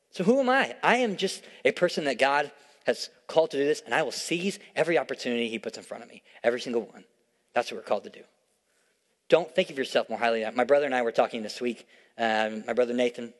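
A young adult man preaching a sermon in church, emphatic and repetitive, swinging between hushed storytelling and loud declarations. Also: on the high side. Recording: long hall reverb.

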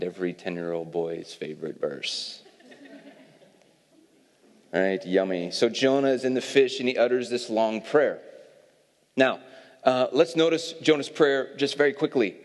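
A pastor giving a sermon, reading scripture aloud and explaining it with casual asides. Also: male voice, lowish voice, normal speed. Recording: long reverb of a hall.

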